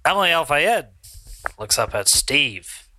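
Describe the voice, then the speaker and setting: A man co-hosting a podcast, recapping slowly and haltingly with many fillers in casual comedic chat. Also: fairly high pitch, big pitch swings, pushed and bright, dry recording. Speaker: podcast co-host recapping a wrestling game.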